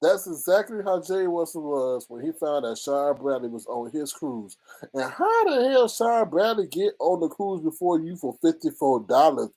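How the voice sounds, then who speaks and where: A man streams live, reading chat and trading in casual gossip. His voice sits a little high at a normal speed, and he's animated and dramatic, laughing often.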